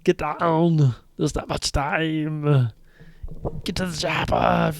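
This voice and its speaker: A gruff action-movie hero barks urgent commands, as a man puts on the impression. The voice pushes up higher and louder than his usual talk, with a gravelly edge. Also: fairly even intonation, slow pace, slight background noise. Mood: commanding. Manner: barked commands.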